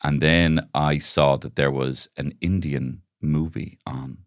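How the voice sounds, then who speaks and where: A man's voice: rumbling low, slow, no echo, studio quality. A young man co-hosting a podcast, joking wryly in casual chat. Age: young adult. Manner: wry, joking, deadpan asides. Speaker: podcast co-host.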